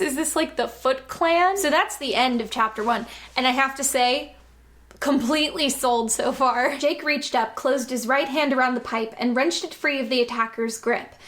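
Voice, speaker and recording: A woman's voice: high voice, fairly bright tone. A woman reading a novel aloud and breaking in with sarcastic, amused comments.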